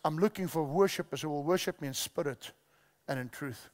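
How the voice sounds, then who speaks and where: A preacher voicing a quiet, gentle Jesus. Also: male voice, on the high side, lively intonation, brisk, voice pushed down, lightly acted. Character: Jesus, calm and knowing male teacher. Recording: long hall reverb.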